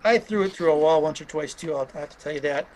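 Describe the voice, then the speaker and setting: With a slightly high voice and a quick pace, a fifty-something audio software engineer chats casually in an interview. He rambles enthusiastically and interrupts himself.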